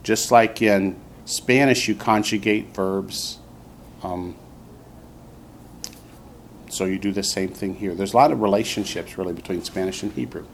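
A man leads a classroom lesson at an unhurried, deliberate pace, with a voice that sits a little low. He patiently repeats each word and waits for students to echo him. A faint hum of room ambience lies under his voice. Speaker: Hebrew teacher. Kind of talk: classroom instruction.

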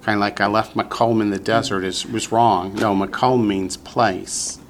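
A man teaching a Hebrew vocabulary lesson to a class, patient and slow, repeating each word for the students. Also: lowish voice, steady tone, slight background noise.

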